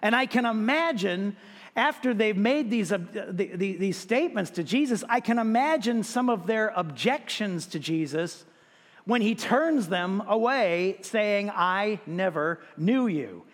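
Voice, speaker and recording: A high-voiced male pastor delivers an expressive sermon at a measured pace, emphatic and repeating words, raising his voice whenever he quotes scripture aloud. A long reverb trails behind him as if in a large hall.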